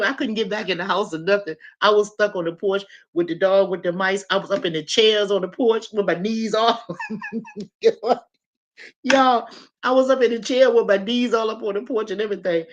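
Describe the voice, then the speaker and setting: A woman hosting a livestream, chatting casually with viewers and telling animated, colloquial stories. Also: mid-range voice. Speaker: livestream host. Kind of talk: casual chat and storytelling to viewers.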